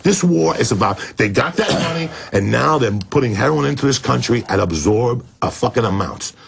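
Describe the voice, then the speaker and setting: Gravelly, shouting foul-mouthed man. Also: mid-range voice, lively intonation, a little fast, a little hiss or hum. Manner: loud, swearing, bursts into shouts and laughter. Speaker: comedian guest on a talk show. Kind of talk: profane ranting storytelling.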